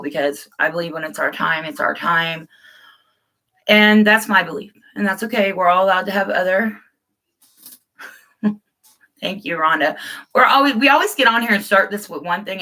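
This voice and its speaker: A middle-aged woman hosts a casual live stream, rambling openly and calling her viewers guys. Her voice sits a little low but sounds bright and forceful. She talks loosely, with restarts and asides to the viewers. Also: brisk, poor audio. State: tearful at times. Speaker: livestream host.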